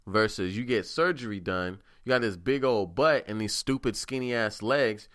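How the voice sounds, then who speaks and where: A man's voice: lowish voice, moderate pace, fairly bright tone, no room sound, clean studio sound. A man hosting a podcast, telling stories in a rambling, profane, casual monologue. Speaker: podcast host.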